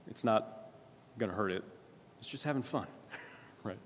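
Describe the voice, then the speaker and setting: A man preaching a sermon in a conversational way, often asking "right?" and clearing his throat. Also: fairly low pitch, a little slow. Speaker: pastor. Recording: long hall reverb.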